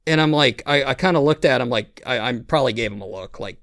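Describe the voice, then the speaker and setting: A man's voice: medium pitch, fast, a bit bright, no room sound, clean studio sound. A man hosting a podcast, telling a rambling, profane story with lots of restarts and quoted voices. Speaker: podcast host. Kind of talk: casual storytelling chat.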